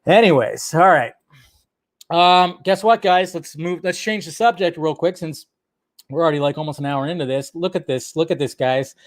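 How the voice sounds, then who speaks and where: A man hosting a live stream, ranting in an excitable way. He swears often and laughs at himself. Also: on the high side, moderate pace.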